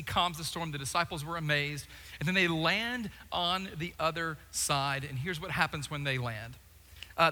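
Animated male preacher in a reverberant hall. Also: sits high. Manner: animated storytelling with jokes and acted-out voices. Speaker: pastor. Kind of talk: sermon.

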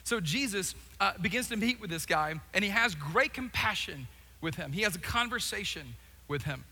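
Male pastor, lively comic storyteller, long hall reverb. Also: sits high, normal speed. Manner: animated storytelling with jokes and acted-out voices. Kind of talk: sermon.

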